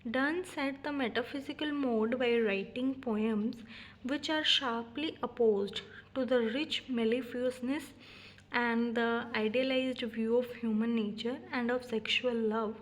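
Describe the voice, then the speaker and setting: A woman teaching an exam-prep lesson, reading definitions carefully from her notes with frequent pauses and "uh" fillers. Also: fairly high pitch, steady tone. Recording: dull lo-fi recording.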